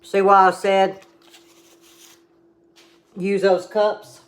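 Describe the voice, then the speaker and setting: A woman's voice: medium pitch, little pitch movement, extremely slow. A middle-aged woman, hosting a casual home cooking demo with chatty, homey explanations and tasting.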